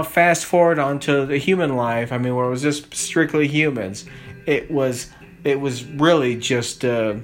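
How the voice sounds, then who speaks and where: A man hosting a rambling solo podcast monologue, swearing constantly and drifting between low mutters and loud outbursts. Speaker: podcast host.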